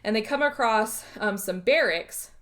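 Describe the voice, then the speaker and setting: A woman's voice: a little high, lively intonation, normal speed, fairly bright tone. A woman co-hosting a podcast, casually retelling a film's plot and acting out the characters' lines with some swearing. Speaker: podcast co-host. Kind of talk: casual movie recap chat.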